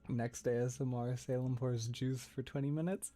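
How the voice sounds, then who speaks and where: A man's voice: medium pitch, fairly even intonation, unhurried, mellow, soft background music. A man chatting casually on his livestream, rambling and laughing often, with lots of fillers and restarts, close to the mic. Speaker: streamer. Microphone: close mic setup.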